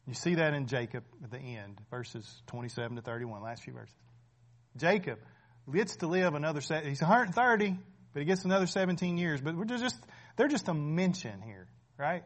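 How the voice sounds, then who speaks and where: A man preaching a sermon as pastor, emphatic and conversational, often checking in with his listeners. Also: medium pitch. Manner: emphatic, keeps asking "right?", laughs between points.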